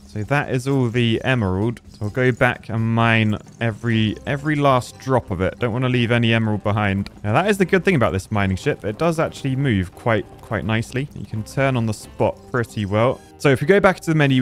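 Excitable man, casual gameplay commentary, mid pitch, light music underneath. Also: brisk, few pauses. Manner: chatty, excitable, exclaims at finds. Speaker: gaming YouTuber.

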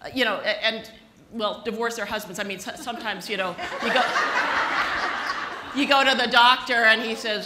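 A woman's voice: a little high, normal speed, heavy background noise. A woman giving a comic keynote speech at a conference, telling chatty, self-mocking stories. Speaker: keynote speaker. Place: conference hall with a live audience. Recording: echoey hall recording.

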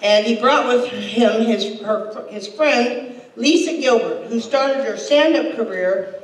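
Slow and fairly high-pitched, an older woman delivers stand-up comedy with dry, deadpan one-liners and quoted voices. She performs in a roomy hall to a laughing audience. A distant mic captures the echo and the crowd's laughter.

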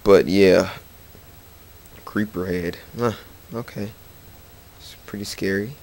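Low, dark-toned and slow, this man's steady voice carries casual let's play commentary with no echo. He hosts a gaming channel and wanders from thought to thought, joking around and talking to characters as faint music from the game runs in the background.

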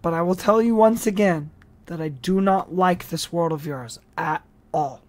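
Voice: mid-range voice, normal speed, natural voice. A reader playing a stiff, brash warrior girl. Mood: grudging. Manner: stiff, indignant. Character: brash young warrior girl, loves to fight.

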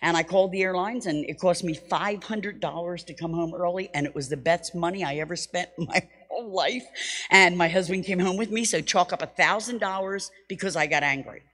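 Lively woman preacher in a reverberant hall. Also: lowish voice, brisk. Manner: lively, self-mocking, animated storytelling. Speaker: Bible school teacher. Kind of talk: storytelling sermon. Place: church hall.

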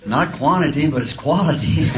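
A male preacher telling humorous, folksy stories in a sermon, chuckling as he talks. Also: mid-range voice. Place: school auditorium. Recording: dull lo-fi archive tape, faint hiss.

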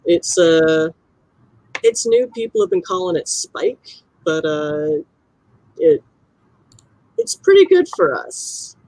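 A woman's voice: lowish voice, wildly swooping pitch, slow, long pauses, darkish tone, no room sound, voice pushed down, exaggerated voice, poor audio. A woman voicing a friendly young male street dealer, who talks in an easygoing, rambling way with lots of fillers. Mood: laid-back.

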